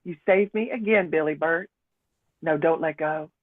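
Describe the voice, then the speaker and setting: A woman's voice: sits low, moderate pace, no room sound, pitched below the performer's own voice. A woman doing a gushing, flirty wife swooning over her husband. The sound is thin and phone-like, dry with no room. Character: giddy, adoring wife. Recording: tinny phone-like line.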